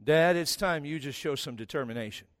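High-pitched middle-aged pastor, storytelling sermon, self-mocking then emphatic, dry close sound. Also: male voice, a little fast, no room sound. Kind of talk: sermon with personal stories.

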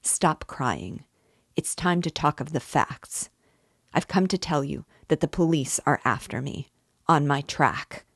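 A woman's voice: low-pitched, lively intonation, measured pace, creaky, breathy edge, no room sound, clean studio sound, exaggerated voice. A woman voicing a tormented young male murderer in a storybook reading, speaking with anguished bitterness. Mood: grim.

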